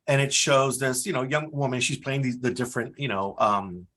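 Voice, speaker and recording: Middle-aged male guest, bright and forceful, animated storyteller. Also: medium pitch, normal speed. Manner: animated storyteller, mimics voices in quotes. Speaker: guest, career services dean. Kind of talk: conversational interview.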